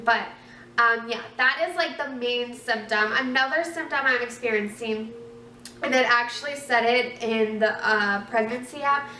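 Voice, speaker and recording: A woman's voice: on the high side, bright, forceful tone. A young woman in her twenties giving a casual pregnancy update in a chatty, rambling way, full of fillers and restarts. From Minnesota, USA. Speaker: vlogger. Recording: echoey room, mic some distance away.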